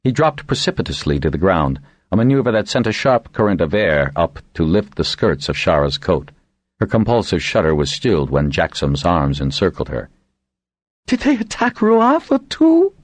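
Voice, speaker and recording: A man narrating an audiobook as scripted narration, with lively intonation. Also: normal speed, no room sound. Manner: reads with lively, varied intonation and raises his pitch for voiced quotes.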